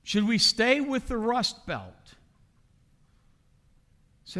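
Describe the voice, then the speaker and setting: Animated preaching man, high and lively. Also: takes it slowly, pauses often. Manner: animated preaching, rhetorical questions to the congregation. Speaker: pastor. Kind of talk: sermon. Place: church sanctuary. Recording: long hall reverb.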